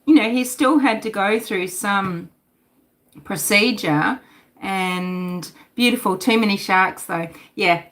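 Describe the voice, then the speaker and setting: Animated middle-aged woman. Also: mid-range voice, slow. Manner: animated, swears, reads out chat. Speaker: livestream host. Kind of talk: casual livestream commentary.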